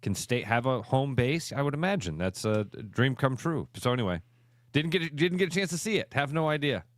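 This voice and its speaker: A fired-up male sports talk radio co-host, punching his words and repeating them for emphasis. He speaks at an ordinary middle pitch, and his voice sits close to the mic in a dry, dead studio with no room echo. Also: big pitch swings, brisk. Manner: emphatic, heated ranting.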